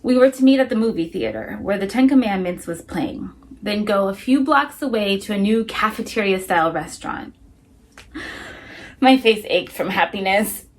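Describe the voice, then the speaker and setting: A woman actor giving a dramatic storytelling performance, reading in a measured, expressive way that moves between soft, hushed passages and a full voice. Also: mid-range voice.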